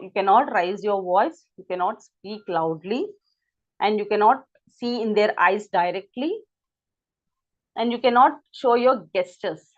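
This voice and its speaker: Indian woman teaching over lo-fi call. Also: medium pitch. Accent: Indian English. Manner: explanatory, repetitive, asks students to confirm. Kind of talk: online class lecture. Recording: lo-fi online call audio.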